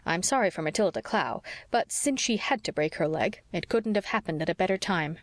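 An outspoken older village woman gossips with blunt opinions, as a woman reader puts her on. The voice is low for a woman and dry. It comes close and clean from a storybook reading. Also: lively intonation, fairly quick, no echo.

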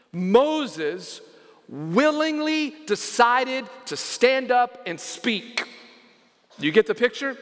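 A man's voice: high-pitched, fairly bright tone, long reverb tail. A man preaching a sermon as pastor, emphatic and repeating key phrases, reading scripture aloud.

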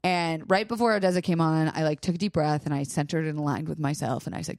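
A young woman co-hosting a podcast, telling a story in casual chat, animated and profane, acting out quotes loudly. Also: low-pitched, fast talker, few pauses, no echo, clean studio sound. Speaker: podcast co-host.

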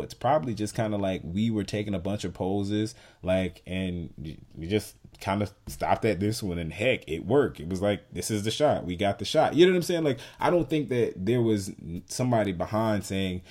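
A man with a fairly low voice holds forth in a casual podcast conversation. He talks in an animated, emphatic way, with his pitch jumping up as he makes a point. His speech is full of "like" and "you know what I'm saying". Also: normal speed, hardly any pauses. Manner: animated, emphatic, heavy use of "like" fillers. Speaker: podcast co-host.

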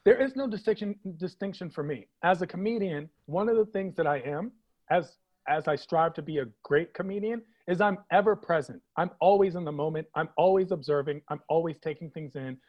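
A man's voice: on the high side, dull audio. A man from Washington, D.C., a comedian guest riffing playfully on a podcast interview. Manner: playful, jokey, quick asides and put-on voices.

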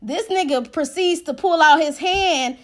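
High-voiced woman, animated slangy storyteller. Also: unhurried. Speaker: podcast host. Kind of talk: casual storytelling. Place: at home in bed. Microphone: phone.

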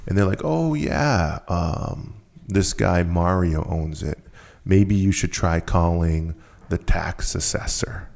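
Deep gravelly man telling a story. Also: takes it slowly. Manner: animated, repeats and restarts phrases. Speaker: guest telling a business story. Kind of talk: casual conversational storytelling.

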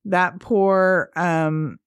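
A woman co-hosting a podcast in casual chat, blunt and quick to swear. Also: fairly low pitch, fairly even intonation, clear, resonant tone, no echo. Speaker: podcast co-host.

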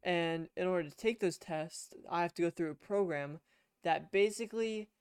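A young man co-hosts a casual podcast from a home room at his computer, rambling through a long story with swearing and restarts. His voice sits high with a clean tone at a moderate pace, captured on a headset with a dry, clean studio sound.

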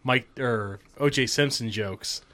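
A man in casual chat, blunt and animated, often laughing as he tells a story. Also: mid-range voice, slow. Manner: animated, blunt, laughs while telling stories.

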